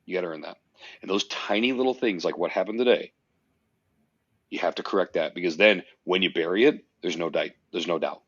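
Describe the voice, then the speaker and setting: A man's voice: sits low, fairly quick, no echo. A man guesting on a podcast, telling a personal story with blunt, emphatic, profanity-laced conviction. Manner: emphatic, swears often, tells stories intensely. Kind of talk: casual podcast conversation. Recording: dry, slightly muffled podcast audio.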